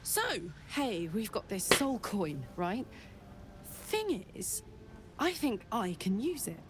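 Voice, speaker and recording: A brash, hearty tiefling warrior. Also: female voice, mid-range voice, big pitch swings, takes it slowly, loud music behind the voice. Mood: upbeat. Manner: blunt, hearty and breezy. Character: brash cheerful female tiefling warrior with a fiery engine heart. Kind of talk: video game voice acting.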